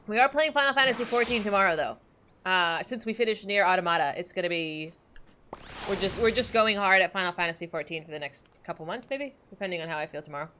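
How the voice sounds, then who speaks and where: A woman's voice: lowish voice, expressive, fast, sharp tone, a little hiss or hum. Bubbly woman streamer chatting with her chat. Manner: bubbly, giggly, chatting to viewers. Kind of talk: casual live-stream chat.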